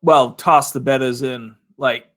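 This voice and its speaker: Man, tabletop player, halting, lots of ums, mid pitch. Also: fairly even intonation, fairly bright tone. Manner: hesitant, many fillers. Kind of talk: casual tabletop play.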